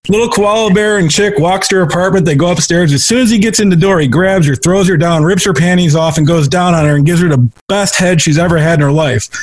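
A man co-hosts a casual podcast, spinning a long crude joke. He rambles and restarts, and his voice sits a touch high. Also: dry recording. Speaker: podcast co-host and editor.

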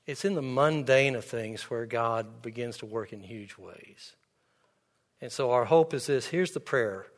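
A man's voice: medium pitch, measured pace. A man preaching a sermon as pastor, earnest and storytelling, speaking in a church sanctuary. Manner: earnest, storytelling with quoted dialogue. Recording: long hall reverb.

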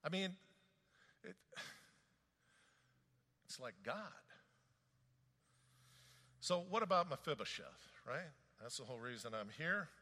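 A man preaching a sermon in an animated, conversational way, reading scripture aloud and commenting on it. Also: on the high side, takes it slowly, long pauses. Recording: long reverb of a large hall.

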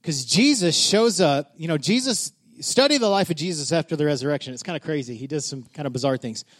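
A man pastor preaching a sermon, telling the story in an animated, lively way. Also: fairly high pitch, brisk. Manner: animated storyteller, builds to shouting.

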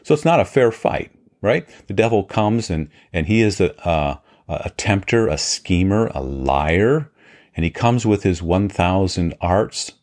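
Low-voiced man preaching a sermon. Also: animated, a little mellow. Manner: earnest, measured preaching with repeated phrases. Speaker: pastor.

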